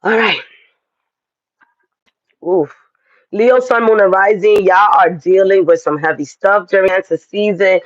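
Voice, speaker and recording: A man's voice: sits high, measured pace, long pauses, no echo, dull audio. A man giving a casual astrology and tarot reading, talking straight to his viewers in a chatty, direct way.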